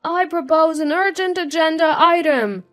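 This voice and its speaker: A woman's voice: extremely high pitch, moderate pace, a bit bright, soft background music, pitched above the performer's own voice. A woman voicing a longtime accounting employee who makes an urgent accusation. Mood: accusing.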